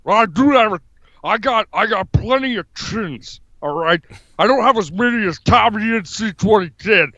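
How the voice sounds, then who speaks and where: A man's voice: high voice, animated, normal speed, pushed and bright, no room sound, exaggerated voice. A man doing a comedic impression of a paranoid, off-grid ex-wrestler politician, ranting with lots of profanity and repeating himself. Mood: gruff ranting. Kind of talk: comedic impression on a live stream. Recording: dull lo-fi mic.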